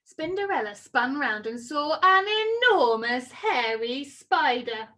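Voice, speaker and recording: A woman reading a children's story aloud with expressive, sing-song storytelling. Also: high voice, slow pace.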